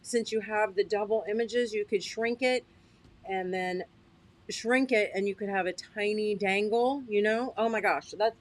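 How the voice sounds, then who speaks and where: On a casual livestream product demo, a woman with a mid-range voice talks at an unhurried pace. She's chatty and upbeat, often checking in with her listeners and laughing at herself.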